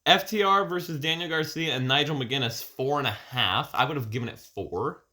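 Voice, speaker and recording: A man hosts a casual podcast chat with a bright, forceful voice. He rambles, swears freely and often restarts mid-sentence. His pitch sits in the middle of the range. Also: brisk. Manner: profane, rambling, frequent restarts. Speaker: podcast host.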